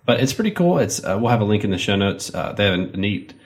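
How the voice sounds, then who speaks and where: A man with a Southern American accent, co-hosting a podcast in a relaxed, rambling way with many fillers. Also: lowish voice, fast. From Southern United States. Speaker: podcast co-host. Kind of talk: casual podcast chat with sponsor reads.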